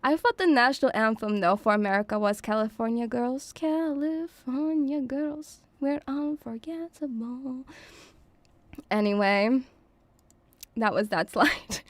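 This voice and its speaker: A young woman streamer of mixed Lithuanian and Russian background, rambling casually with frequent giggles and sudden excited put-on voices. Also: mid-range voice, normal speed, no room sound. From half Lithuanian, Russian father, raised in many countries. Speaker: VTuber streamer. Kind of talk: casual livestream chat.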